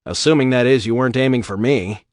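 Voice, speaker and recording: A man reading aloud, voicing a tough, sardonic male security chief with a gruff, wry delivery. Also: mid-range voice, fast talker, no room sound, clean studio sound, lightly acted.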